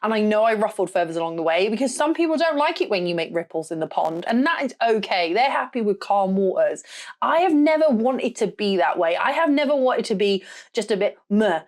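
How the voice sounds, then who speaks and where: Young adult woman podcast host, southern English with a rural edge, loud, direct, no-nonsense, mid-range voice. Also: medium pitch, sing-song, fairly quick. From south of England. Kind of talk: casual solo podcast monologue.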